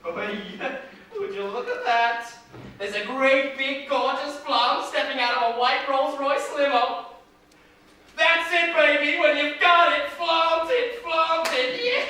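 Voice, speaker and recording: A man's voice: extremely high pitch, animated, unhurried, pushed and bright, full character voice. A man playing a brash, scheming, washed-up male Broadway producer, pushy and theatrical in stage comedy style. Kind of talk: stage musical comedy acting. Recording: echoey stage sound from far off, faint noise.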